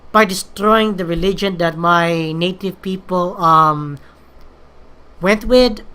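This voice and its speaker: Hesitant young woman, bright voice. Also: mid-range voice, clear, resonant tone. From Philippines. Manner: hesitant, many fillers and restarts, candid. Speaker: vlogger. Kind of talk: casual rambling monologue.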